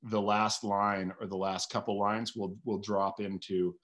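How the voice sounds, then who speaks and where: A man's voice: lowish voice, little pitch movement, measured pace, fairly bright tone. A man, a guest author talking casually and animatedly in an interview, thinking aloud with lots of filler words.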